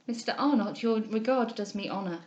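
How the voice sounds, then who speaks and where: A woman reading a novel aloud, voicing a composed young heiress who speaks in a measured, formal, kindly way. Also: on the high side, darkish tone, close to an everyday voice. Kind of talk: audiobook character reading.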